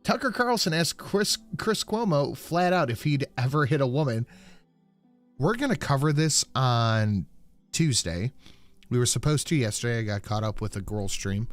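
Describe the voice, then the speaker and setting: A man's voice: mid-range voice, expressive, moderate pace, faint music behind. A man hosting a live stream, laid back and swearing, plugging his channel. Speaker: streamer host. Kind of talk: casual live-stream talk.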